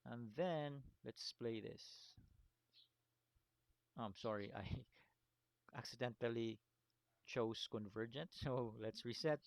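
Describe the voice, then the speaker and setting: Smooth-voiced man teaching a lesson. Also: mid-range voice, slow pace, pauses often, no echo. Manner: repetitive, stops to check understanding with "okay?" and "right?"; apologetic chuckles at his own slips. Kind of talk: screen-recorded lesson walkthrough.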